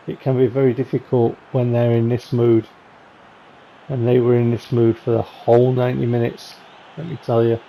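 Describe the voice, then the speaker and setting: A man talks casually over game highlights in a chatty, rambling, wry way. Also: dull audio, slight background noise. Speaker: gaming channel host.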